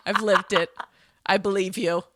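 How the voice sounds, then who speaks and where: A woman's voice: medium pitch, fairly even intonation, normal speed, a bit bright, no room sound, studio quality. A woman co-hosting a casual book podcast, telling stories with a laugh and poking fun at herself. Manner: laughing, self-deprecating storyteller. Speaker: podcast co-host.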